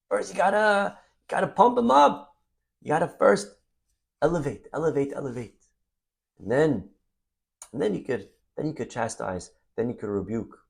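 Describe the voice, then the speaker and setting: A man's voice: fairly high pitch, gravelly. A man voicing a patient old Rebbe. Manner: patient, teaching with questions. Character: wise old male Rebbe mentor.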